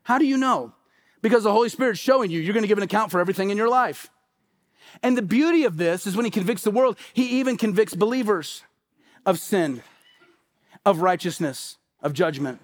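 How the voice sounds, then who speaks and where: Man, pastor, middle-aged, high-pitched, emphatic sermon delivery. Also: animated, a little fast. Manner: emphatic preaching with repeated phrases and acted-out quotes.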